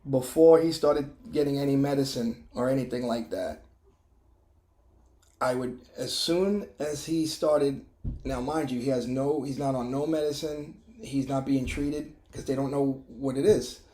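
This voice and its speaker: A middle-aged man sharing a personal testimony in an emotional, halting way, with many restarts and fillers. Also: mid-range voice, warm tone, echoey room. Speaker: testimony vlogger.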